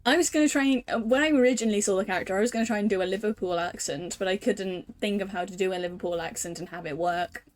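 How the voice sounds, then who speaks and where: A young woman from the UK chatting casually as a streamer while playing a visual novel, thinking out loud in a self-deprecating way. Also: mid-range voice, brisk. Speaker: VTuber streamer.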